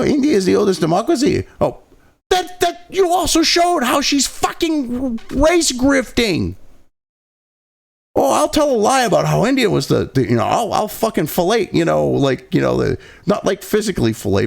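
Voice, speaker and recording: A high-pitched man with a gravelly edge to his voice and wild swings in pitch. He reads news copy aloud, trips over words and restarts, then breaks off into foul-mouthed, mocking rants. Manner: profane and mocking, with frequent outbursts; stumbles and restarts while reading aloud. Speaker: political commentary host. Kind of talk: ranting commentary over a read-aloud article.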